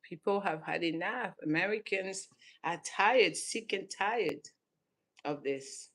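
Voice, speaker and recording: With a lowish voice that's a bit bright, a woman takes it slowly as she gives casual reaction commentary on clips. She laughs often between emphatic remarks and was born in Senegal, then raised in southern France.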